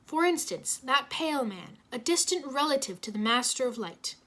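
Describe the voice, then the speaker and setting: A woman voicing a stern, wry older male mentor who speaks in measured pronouncements. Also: sits high, lively intonation, a bit bright.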